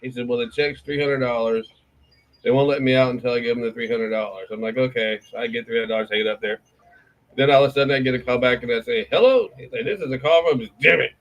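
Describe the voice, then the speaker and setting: A man's voice: mid-range voice, fairly even intonation, fast, poor audio. A man co-hosting a morning show, telling a folksy, laid-back story and laughing along. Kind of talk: casual storytelling chat.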